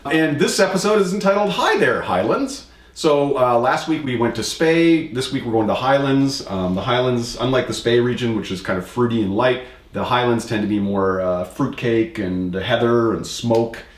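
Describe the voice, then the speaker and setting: A man's voice: mid-range voice, expressive, normal speed, roomy sound. A man hosting a casual tasting podcast, upbeat and jokey, with lots of ums and uhs. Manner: upbeat, jokey, frequent fillers. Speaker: host.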